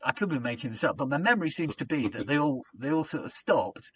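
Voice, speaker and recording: A man's voice: medium pitch, fast, husky, no room sound. A man in casual chat, telling a comedy anecdote and acting out his old stage patter with rising energy. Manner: animated storyteller who acts out his own stage patter. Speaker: podcast guest, comedian.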